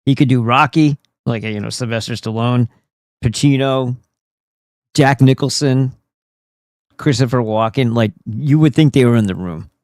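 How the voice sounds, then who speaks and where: A man's voice: medium pitch, moderate pace, a little mellow, no echo, studio quality. A man hosting a livestream who gives casual, blunt commentary and often stumbles over repeated words. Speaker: livestream host.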